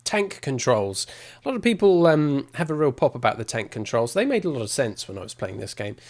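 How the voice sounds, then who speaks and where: A man's voice: medium pitch, big pitch swings, a little fast. A man giving casual, rambling gameplay commentary as a streamer, with self-mocking asides. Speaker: game streamer.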